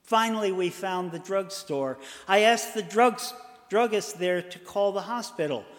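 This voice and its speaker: Brief: older man from Boston, storyteller, slow and measured, in a long hall reverb. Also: sits high, lively intonation. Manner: measured, dramatic pauses. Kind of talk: told personal story.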